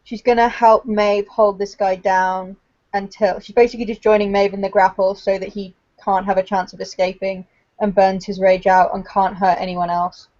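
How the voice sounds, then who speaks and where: A woman's voice: mid-range voice, flat delivery, normal speed, darkish tone. A woman playing a tabletop game, earnestly describing her character's actions in third person. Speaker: player. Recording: dull lo-fi recording.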